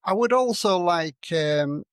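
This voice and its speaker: A man's voice: high-pitched, animated, slow, smooth, no echo, studio quality. A male host from the UK running a casual interview, often stumbling and repeating his words as he speaks. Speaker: show host.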